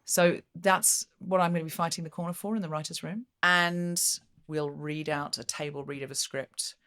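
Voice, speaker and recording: A woman with a low voice hosts a chatty podcast. She talks in an animated way and slips into put-on voices to act out lines. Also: moderate pace. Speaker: podcast host. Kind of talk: casual chat.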